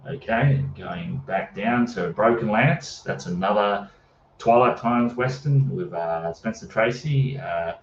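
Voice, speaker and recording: Deep-voiced man chatting about films. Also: slow pace. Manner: rambling, many fillers, reads live chat. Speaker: livestream host. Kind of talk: casual movie chat. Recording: roomy, distant, dull with faint hiss.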